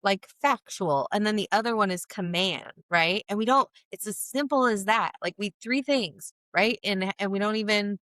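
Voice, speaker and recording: A woman co-hosting a podcast in casual chat, animated and thoughtful, getting loud when she gets excited. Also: mid-range voice, normal speed, hardly any pauses, no echo. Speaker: podcast co-host.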